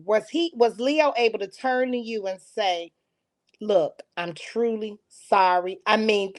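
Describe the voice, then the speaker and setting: A woman hosting a talk show, stepping in to ask pointed follow-up questions of her guests. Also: fairly high pitch. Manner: steers the talk with probing questions. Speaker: host.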